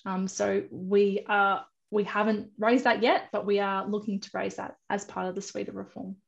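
Gravelly-voiced woman on a panel. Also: mid-range voice, little pitch movement, normal speed, lo-fi sound. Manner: hesitant, many fillers. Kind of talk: panel discussion answers.

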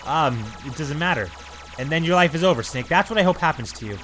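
A young man commentates his gameplay in a rant, swearing at the game characters and breaking into sudden loud outbursts. His fairly high, bright voice swings widely in pitch. Faint music plays behind him. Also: lively intonation, fast. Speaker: let's play gamer.

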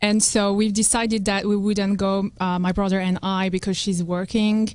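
A woman's voice: mid-range voice, flat delivery, moderate pace, a little mellow, clear, resonant tone, no echo. A woman whose first language is French, co-hosting a radio show in a casual, hesitant way, with many fillers. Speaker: co-host. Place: radio studio.

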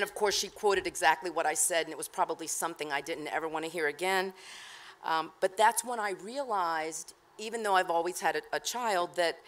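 A middle-aged woman delivers a ceremony keynote in a chatty, self-deprecating way. She speaks as a professor and attorney, with casual fillers. Her voice sounds bright and forceful and sits a little low. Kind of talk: ceremony speech.

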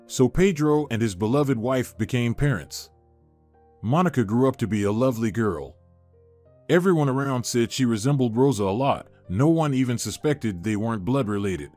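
A man narrating a scripted story in an even, measured way. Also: mid-range voice, faint music behind.

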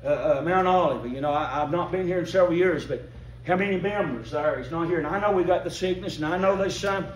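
A man's voice: sits high, quick pace, few pauses, a little hiss or hum. An older man preaching a fervent revival sermon in a church, breaking into emphatic bursts as the congregation calls back. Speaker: visiting preacher. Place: church sanctuary. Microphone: distant room mic. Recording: echoey church from far off. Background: congregation calling out responses.

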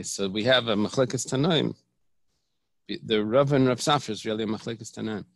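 A low-pitched man with a gravelly edge to his voice teaches a Talmud lesson. He explains patiently and thinks aloud, repeating and restarting phrases as he works through each point. The recording is close and dry, with no room sound. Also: no room sound. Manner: explanatory, repeats and restarts, mixes Hebrew terms. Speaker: rabbi teaching daily Talmud page.

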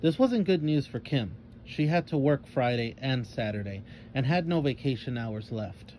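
A man reading a children's story aloud with expressive narration. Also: medium pitch, moderate pace, hardly any pauses, a little hiss or hum.

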